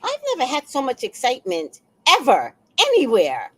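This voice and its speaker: A woman's voice: high voice, wildly swooping pitch, moderate pace, a bit bright, husky. A woman telling a neighborhood story in a casual vlog, blunt and profane, acting out the people she describes. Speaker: vlogger.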